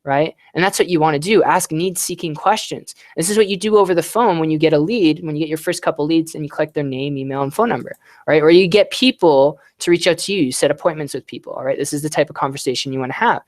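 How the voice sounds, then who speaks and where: Energetic man coaching on a live stream. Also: fairly high pitch, fast talker, dry recording, studio quality. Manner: energetic, repeats "right?" and "all right". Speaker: online business coach. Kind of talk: live-stream sales tips.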